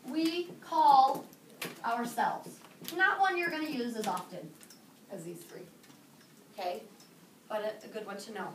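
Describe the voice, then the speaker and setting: A woman teaching a high school Spanish class, playful and lively, quizzing her students. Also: unhurried, pauses often, background noise. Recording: echoey classroom from a distance.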